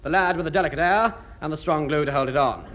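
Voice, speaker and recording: A man's voice: on the high side, fast talker. A man narrating and announcing a 1960s radio comedy show, mock-ominous with dry asides. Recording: noisy old radio broadcast with audience.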